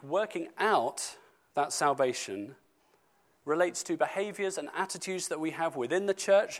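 A man preaching a sermon to his church, stressing key words and slowing down for scripture. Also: fairly high pitch. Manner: emphatic, slows down for scripture, speeds up for asides.

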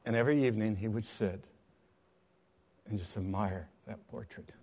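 A male pastor telling a story in a sermon, dramatic, swinging from hushed tones to loud cries. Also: lowish voice, moderate pace, slightly rough.

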